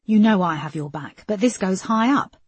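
A woman's voice: medium pitch, lively intonation, normal speed, a little mellow, breathy edge, no echo, voice pushed up. A woman voicing a wary male police officer.

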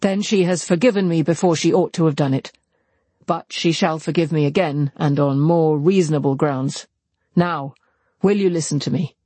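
Man voicing an earnest, remorseful gentleman. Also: fairly high pitch, normal speed, breathy edge, no room sound. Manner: earnest and confessional. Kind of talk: audiobook character voice.

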